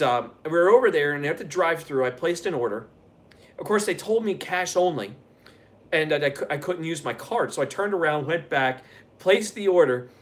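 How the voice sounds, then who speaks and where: A man hosting a live stream, chatting casually and telling stories in a rambling, profane way, laughing often. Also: fairly high pitch. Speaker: live streamer answering chat.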